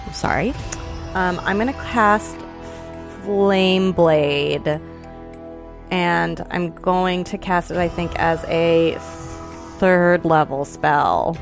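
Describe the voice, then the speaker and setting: A woman playing a tabletop game, speaking haltingly with hesitations. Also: fairly low pitch. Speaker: player.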